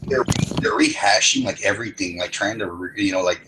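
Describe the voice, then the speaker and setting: A man's voice: on the low side, fairly quick, background noise. A man from San Antonio, Texas, talking in a rambling, profane way on an online voice chat and laughing often. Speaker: voice chat regular. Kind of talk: casual profane banter. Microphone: online voice chat mic.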